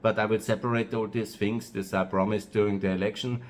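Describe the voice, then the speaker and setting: A man with an Austrian accent, speaking in a loose, rambling monologue for his own video channel, pausing often on "uh" and repeating himself. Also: lowish voice, flat delivery, a little hiss or hum. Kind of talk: monologue to camera.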